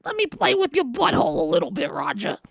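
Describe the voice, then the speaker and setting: A man's voice: very high voice, wildly swooping pitch, quick pace, vocal fry, a bit bright, dry recording, studio quality, voice pushed up, exaggerated voice. A man voicing a crude, lecherous little male leprechaun with a New York accent, leering and taunting.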